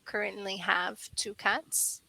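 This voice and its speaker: A woman tutoring over a video call, explaining pronunciation patiently and clearly and often checking with "right?". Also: mid-range voice, steady tone, takes it slowly, sharp tone, slight background noise, low-quality recording. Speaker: English tutor. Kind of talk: online English lesson.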